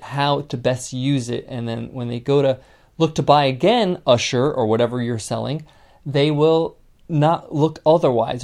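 A man's voice: mid-range voice, creaky, darkish tone. A man hosting a podcast business lesson, talking conversationally and encouragingly, with frequent fillers. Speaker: podcast host.

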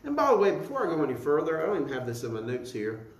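High, lively-voiced preacher in an echoey room. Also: male voice, very fast. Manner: animated preaching with call-and-response questions to the congregation; repeats words while building a point. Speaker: pastor. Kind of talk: sermon.

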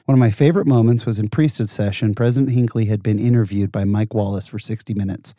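A man chatting as a guest in a dry, close-sounding room, his voice mellow and relaxed. He tells animated stories with a self-deprecating streak. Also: lowish voice, quick pace, dry recording. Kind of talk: casual conversation.

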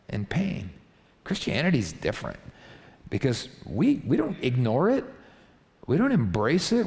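A man's voice: medium pitch, creaky. A man preaching a sermon in a conversational style that builds to impassioned rhetorical questions. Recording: long reverb of a large hall.

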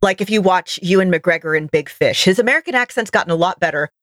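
A woman's voice: lowish voice, expressive, quick pace, fairly bright tone, dry recording. Woman co-host, casual chatty recap, dry close sound. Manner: chatty, laughs easily. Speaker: podcast co-host. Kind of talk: casual chat.

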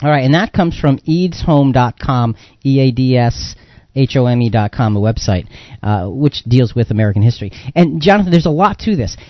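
A man hosting a live radio talk show on faith, talking in an animated, emphatic, preacher-like way. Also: fairly high pitch, no echo, lo-fi sound.

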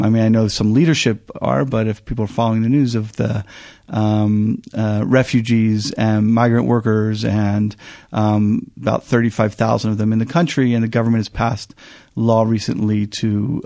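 A man co-hosting a talk show, introducing a guest with a halting, filler-filled delivery. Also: fairly low pitch, level tone, gravelly, dark tone, dry recording, clean studio sound. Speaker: co-host. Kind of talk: podcast conversation.

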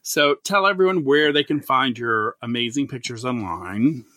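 A man hosts a podcast with a bright, forward voice, gushing and animated as he tells stories. His lines are recorded close and dry, with no room around them. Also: medium pitch, moderate pace, dry recording. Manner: gushing, animated storyteller who acts out quoted remarks. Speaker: podcast host. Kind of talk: casual chat.

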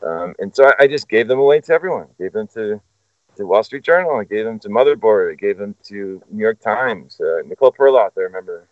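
Speaking fairly quickly in a lowish voice, this male guest rambles through a story in casual conversation, swearing often and drifting into side topics. His manner is animated and profane. The recording is dry and dull-sounding lo-fi, without echo.

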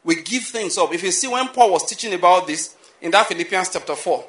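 A man preaching a sermon, animated and repetitive, full of rhetorical questions. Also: high voice, fairly quick, echoey room. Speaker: pastor.

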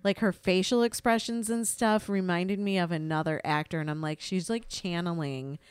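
Chatty woman with a smooth, dry voice. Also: medium pitch, a little fast, no echo. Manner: chatty, swears freely, animated storytelling. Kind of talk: casual chat.

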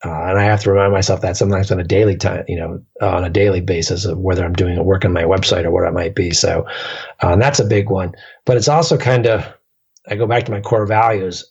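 A man's voice: deep voice, steady tone, fast talker, breathy edge, muffled recording. A man telling long stories in casual chat as a podcast guest, rambling with many fillers and restarts.

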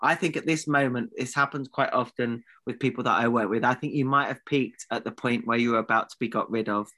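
A man's voice: mid-range voice, a little fast, sharp tone. A man co-hosting a podcast, bantering in a teasing, mock-serious way. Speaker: podcast co-host. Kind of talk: casual comedic banter.

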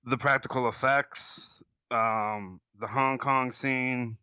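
Bright, crisp-voiced man chatting about movies. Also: medium pitch, fairly even intonation, slow pace, no room sound, highs cut off. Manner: laughs often, filler-heavy. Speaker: podcast co-host. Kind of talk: casual movie discussion.

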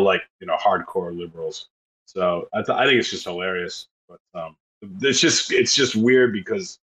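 A man's voice: sits low, a bit bright, low-quality recording. A man talking in a casual online chat, rambling and hedging with many fillers. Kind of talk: casual chat on a live audio space.

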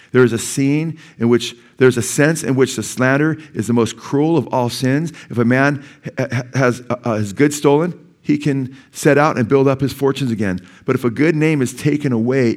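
A middle-aged male pastor preaching in a church, telling stories in a conversational, animated way with frequent asides to the congregation. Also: medium pitch. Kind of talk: storytelling sermon.

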